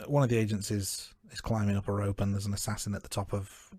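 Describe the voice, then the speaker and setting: A man co-hosting a podcast, talking through a film in a measured, hesitant way. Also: lowish voice, flat delivery, a little mellow, slightly rough, no room sound, clean studio sound. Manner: measured, hesitant with fillers and repeats. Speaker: podcast co-host. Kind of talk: casual film review chat.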